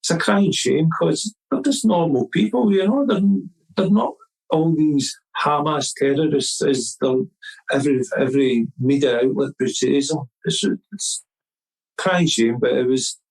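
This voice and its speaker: A man's voice: on the high side, a little slow, gravelly, rough recording. A middle-aged man, a podcast guest telling a long story in casual chat, rambling with restarts and acting out the people he quotes. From Scotland.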